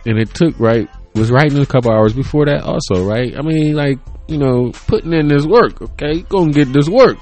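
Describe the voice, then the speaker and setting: A man in his thirties hosting his own podcast, rambling casually and profanely, laughing often and jumping from quiet mutters to loud, excited storytelling. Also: normal speed, hardly any pauses, faint music behind. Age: 30s. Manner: loose and profane, laughs often, swings from low mumbles to loud excited bursts. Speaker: podcast host. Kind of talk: casual solo podcast rant. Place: bedroom home setup.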